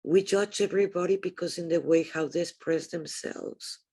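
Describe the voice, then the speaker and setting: A woman's voice: fairly low pitch, steady tone, moderate pace, mellow, slightly rough. A woman hosting a podcast, speaking in an earnest, reflective tone during a casual conversation. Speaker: podcast host.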